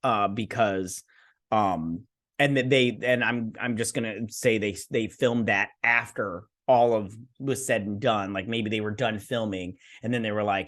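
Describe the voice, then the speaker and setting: A man's voice: on the low side, steady tone, measured pace, fairly bright tone. A man hosting a show review, rambling and sassy as he recaps an episode and acts out the characters' lines.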